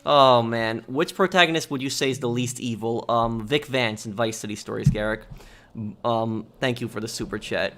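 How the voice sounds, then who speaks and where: A man's voice: medium pitch, normal speed, fairly bright tone. A man streaming a game, talking casually in a rambling rant full of fillers. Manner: rambling, filler-heavy ranting. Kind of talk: casual livestream chat.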